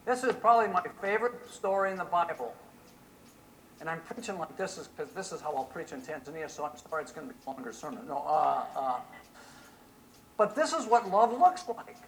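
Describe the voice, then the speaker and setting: A male pastor delivers an animated sermon, often firing rhetorical questions at his congregation. His voice sits somewhat high for a man. Light background hiss runs under the recording. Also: brisk, poor audio.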